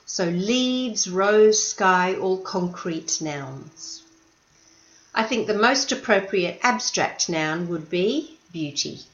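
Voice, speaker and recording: A woman teaching an English lesson, speaking slowly and clearly and patiently stressing syllables. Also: lowish voice, lively intonation, roomy sound, highs cut off.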